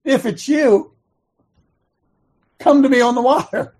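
A man voicing Peter as an excited, doubtful fisherman who calls out loudly. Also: very high voice, slow, voice pushed up, full character voice. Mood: shouting. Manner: loud, shouted calling.

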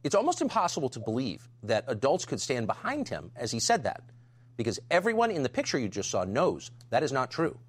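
A man's voice: medium pitch, huge pitch swings, brisk. A man delivering a scripted monologue in an indignant, emphatic way. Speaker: commentator.

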